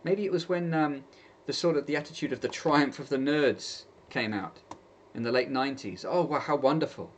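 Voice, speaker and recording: Brief: vlogger, mid-pitched, sarcastic and fed up, faint background hum. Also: male voice, moderate pace, hardly any pauses. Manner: exasperated, sarcastic, mocking quoted voices. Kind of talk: opinion rant to camera.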